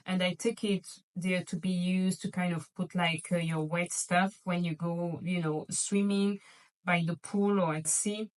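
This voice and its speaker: A woman vlogger chats playfully and casually to her viewers in a haul video about luxury shopping, gushing over items. Her voice is lowish, and the rough recording was made from a distance.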